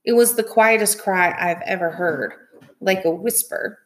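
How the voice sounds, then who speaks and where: Lady reading a novel out loud, soft and steady. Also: medium pitch, a little slow. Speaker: reader.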